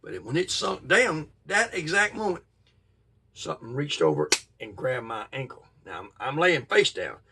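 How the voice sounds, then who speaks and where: Gravelly man telling a ghost story. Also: fairly high pitch, sing-song, recorded from a distance, background noise. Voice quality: gravelly, husky. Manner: folksy, drawn-out retelling with sudden bursts. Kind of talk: casual spoken ghost story.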